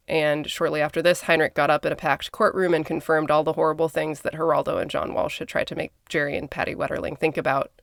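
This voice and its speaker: Gravelly woman podcaster recounting a crime. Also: deep voice, no echo, clean studio sound. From Minnesota. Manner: conversational, blunt asides and swearing. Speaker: podcast co-host. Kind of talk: casual true-crime storytelling.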